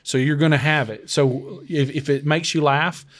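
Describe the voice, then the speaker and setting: A man's voice: fairly high pitch, steady tone, moderate pace, a bit bright. A man co-hosting a casual podcast discussion, earnestly offering practical advice. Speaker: podcast co-host.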